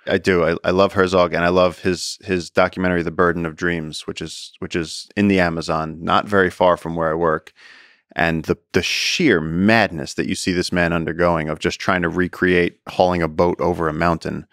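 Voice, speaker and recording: A man speaking as a podcast guest, a conservationist and explorer, telling stories in an animated, casual way and often repeating words as he goes. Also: low voice, moderate pace, no room sound, studio quality. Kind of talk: casual storytelling conversation.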